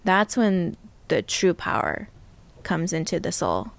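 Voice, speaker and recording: A young woman speaks in a relaxed interview, earnest and open. Her voice has a gravelly edge of fry. The recording is close and dry. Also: on the low side, slow, dry recording. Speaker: guest, shamanic healer. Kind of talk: casual interview chat.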